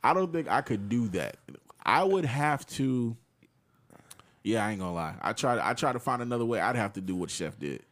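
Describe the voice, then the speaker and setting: An animated young man leads a casual podcast talk. He fires off questions, laughs easily and speaks in loose slang. His pitch swings widely from line to line. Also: moderate pace. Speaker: podcast host. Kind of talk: casual chat.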